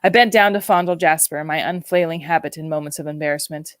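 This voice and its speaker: An audiobook reader, a woman, narrates a novel in a measured and reflective way. Her fairly low voice has a clear, resonant tone and is captured close and dry, without any room echo.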